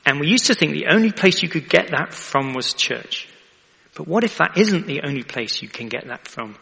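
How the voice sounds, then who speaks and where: A vicar with a fairly high, gravelly yet bright voice preaches an animated sermon at a moderate pace with a forceful tone. He keeps it chatty and often asks the congregation to agree, with a long reverb tail behind him.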